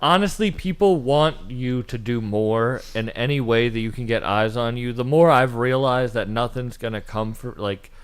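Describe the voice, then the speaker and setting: Blunt, encouraging young man, mid-pitched. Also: normal speed, few pauses, clear, resonant tone. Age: late 20s. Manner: blunt, encouraging, swears freely. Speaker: livestream host. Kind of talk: casual conversation.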